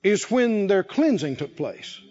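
A man preaches with a very high voice that leaps around, swinging between loud shouted peaks and soft low asides. He acts out the people in his stories. The recording sounds dull and lo-fi. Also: very animated, measured pace. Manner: dramatic storytelling, acting out voices, shouting peaks. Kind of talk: sermon.

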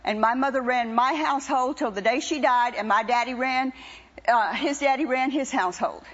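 An older woman, a preacher's wife, telling a personal testimony to a congregation in an animated, teasing, wry way. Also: sits high, normal speed, long reverb tail, muffled recording.

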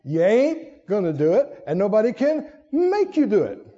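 A man preaching in a high, mellow voice that leaps and drops all over. He throws high emphatic bursts at the congregation and then sinks into quiet asides. The sound is dull and lo-fi, with a long reverb trailing off the walls. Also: huge pitch swings, moderate pace. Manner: acts out quoted prayers and God's words in raised voice. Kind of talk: sermon.

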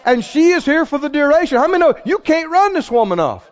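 A man preaching a sermon who rises into shouts and calls out questions to the congregation. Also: very high voice, sing-song, fast talker, highs cut off.

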